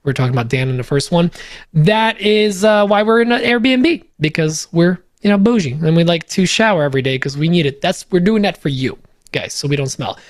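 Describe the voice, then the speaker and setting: A man's voice: fairly high pitch, expressive, brisk, no echo, studio quality. A man co-hosting a podcast, reading sponsor spots in an upbeat, joking way, loose with fillers; a native Polish speaker. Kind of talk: casual ad read on a podcast.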